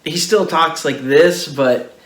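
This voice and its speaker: A man co-hosting a casual behind-the-scenes chat about making a web series. He is talkative, laughs easily and jumps up in pitch when he jokes. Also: slow, fairly bright tone. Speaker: co-host and actor in the web series. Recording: roomy echo.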